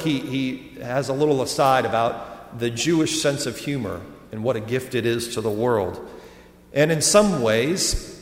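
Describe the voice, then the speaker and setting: Guy preaching in a church, tells stories loud then soft, long hall reverb. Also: mid-range voice. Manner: storytelling, swinging between loud and soft. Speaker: pastor. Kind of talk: sermon. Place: church sanctuary.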